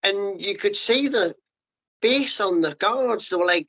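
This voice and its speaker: A man's voice: high-pitched, animated, pushed and bright. Blunt, sweary man. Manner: blunt and sweary, rapid restarts, acts out quoted voices. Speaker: podcast guest, former paratrooper. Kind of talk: candid storytelling interview. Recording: muffled lo-fi podcast audio.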